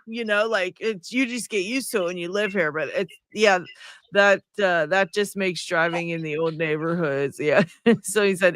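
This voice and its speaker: A man's voice: sits high, a little slow, pushed and bright, smooth, no echo, studio quality. A man from Pittsburgh with a Pittsburgh accent, co-hosting a casual livestream chat, rambling and laughing often. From Pittsburgh, USA. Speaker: livestream co-host.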